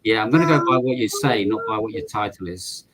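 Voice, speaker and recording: A man's voice: on the low side, quick pace, background noise. A man hosting a live call-in stream, polite and firm, with a lot of hesitant ums. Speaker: livestream host.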